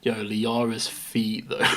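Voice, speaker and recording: A young man from England with a Midlands accent, chatting through a live reaction stream, rambling and poking fun at himself. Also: mid-range voice. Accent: English Midlands. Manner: rambling, self-mocking, jumps between topics.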